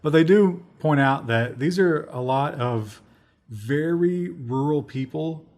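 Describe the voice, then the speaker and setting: A man's voice: fairly high pitch, animated, takes it slowly, a little mellow. Sardonic man co-hosting a news chat. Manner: sardonic, mocks with quoted voices. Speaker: co-host. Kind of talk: casual news discussion.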